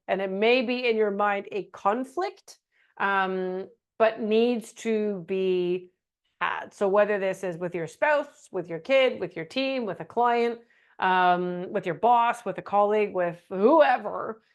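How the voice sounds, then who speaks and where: A middle-aged woman presenting a webinar in a casual, animated teaching style, slipping into meek voices for examples. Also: mid-range voice. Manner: animated, acts out quoted phrases in a meek voice.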